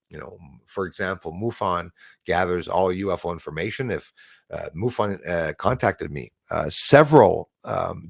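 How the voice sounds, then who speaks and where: A Canadian man hosts a casual livestream, rambling and chatty with plenty of ums and uhs. His voice sits on the low side. The recording is dry, with no room echo. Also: vocal fry. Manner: rambling, chatty, with many fillers. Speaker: livestream host. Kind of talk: casual livestream chat reading comments.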